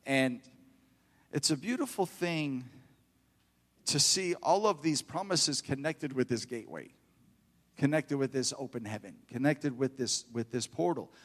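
A middle-aged man preaching a fervent sermon in church, building to loud exhortation. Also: medium pitch, measured pace, in a large hall.

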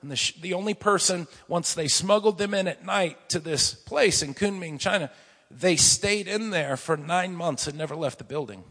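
A man with a slightly high, husky voice preaches a sermon. He tells stories with vivid energy, dropping to a hush and then rising loud again. His voice rings with the long reverb of a large hall. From United States. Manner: vivid storytelling, swinging from hushed to loud. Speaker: pastor.

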